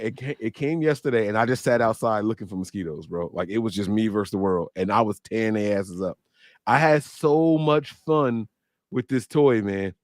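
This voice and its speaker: Man co-host, lowish voice, dry close mic, casual banter. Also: no echo. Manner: loose, joking, slangy. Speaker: podcast co-host. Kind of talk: casual livestream chat.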